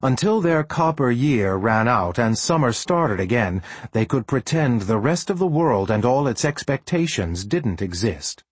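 A man reading a storybook aloud as an audiobook narrator with expressive storytelling. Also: medium pitch, unhurried, few pauses, husky, no room sound. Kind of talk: scripted narration.

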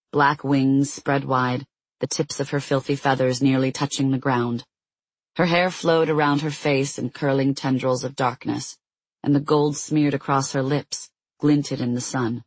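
An audiobook narrator telling a fantasy story in a steady, measured way. The voice is slightly husky and mid-pitched, recorded close and dry with no room sound. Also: dry recording, low-quality recording.

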